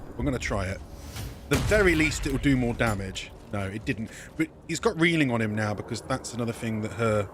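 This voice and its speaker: Lively man thinking aloud. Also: mid-range voice, noisy background. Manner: thinks aloud, self-correcting, rambling. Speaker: let's play streamer. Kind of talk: casual gameplay commentary.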